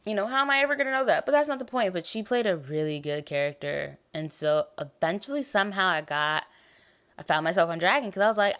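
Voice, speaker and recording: Woman, young, American accent, low voice, tired, rambling and animated, casual podcast chat. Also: fairly quick. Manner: rambling, animated, trails off and restarts. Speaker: podcast host.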